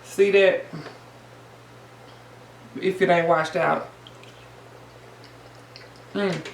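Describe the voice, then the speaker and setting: This mukbang vlogger, a woman, speaks in a lowish, gravelly voice with fairly even intonation and drawn-out words. Hosting a casual eating vlog, she's playful and sing-song, calling viewers honey, in an echoey room with faint background noise.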